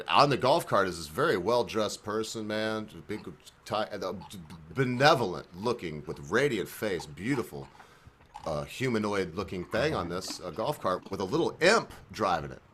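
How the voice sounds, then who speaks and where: A man's voice: lowish voice, normal speed, a little hiss or hum. Tipsy man telling crude jokes. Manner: crude, rambling, animated storyteller. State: tipsy from drinking. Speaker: host. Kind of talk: drunken joke-telling.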